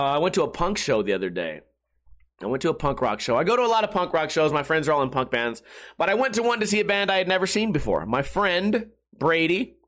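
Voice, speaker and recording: Podcast host, male; high, bright, lively voice; excitable, swearing, rambling comedic rant. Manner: excitable, profane, rambling with restarts. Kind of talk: casual comedic podcast monologue.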